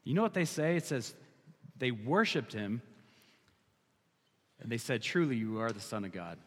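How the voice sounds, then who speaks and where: A man preaching a sermon as pastor, animated, slowing down to stress his key lines. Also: medium pitch, long reverb tail.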